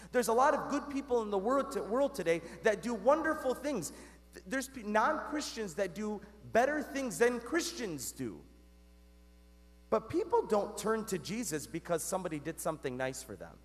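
A man delivers a homily from the pulpit in a high voice that swoops up and down with animated energy. He keeps it conversational, asking the congregation questions and calling them "guys." A long church reverb trails behind every phrase. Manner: conversational, talks straight to the congregation with rhetorical questions. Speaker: Catholic priest. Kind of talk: sermon.

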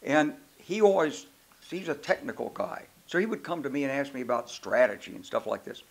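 An older man, a retired general, telling anecdotes in an animated, emphatic way during a moderated conference interview. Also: mid-range voice, brisk, gravelly, a little hiss or hum. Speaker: retired general, keynote speaker. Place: conference stage.

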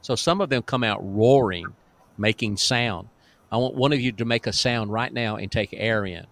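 A male pastor with a lowish voice tells deliverance stories in a folksy, emphatic way. He chuckles often as he talks. His preaching comes across as plain and conversational. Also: moderate pace, a bit bright.

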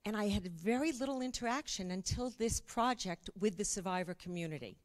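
An older woman, a cookbook author, telling a lively anecdote at an event and acting out the dialogue. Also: medium pitch, fairly quick. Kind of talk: storytelling talk at an event.

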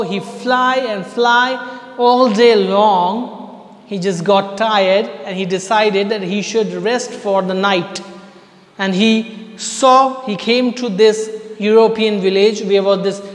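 A male teacher with an Indian English accent reads a story aloud to his online class and then goes back over it in plainer words. His voice sits high and he takes it slowly. The sound rings out in a room with a long, echoey reverb.

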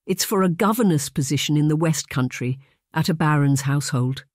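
A narrator voicing Amelia, a lively young woman who encourages her friend with a sly, conspiratorial manner. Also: medium pitch, fairly quick, dry recording, clean studio sound, natural voice. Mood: encouraging.

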